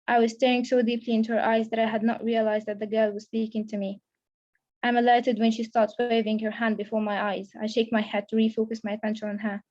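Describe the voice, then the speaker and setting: Young woman reading her own story, kinda high and flat, muffled webinar sound. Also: fast. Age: young adult. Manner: steady first-person reading with small restarts. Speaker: creative writing student. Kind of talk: reading own fiction aloud. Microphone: video call.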